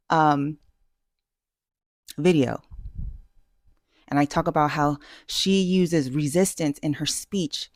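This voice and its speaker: A woman's voice: sits low, darkish tone, dry recording, clean studio sound. A woman vlogger giving dating advice in a casual, self-assured way, emphatic and full of fillers and restarts. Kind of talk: casual talking-head advice.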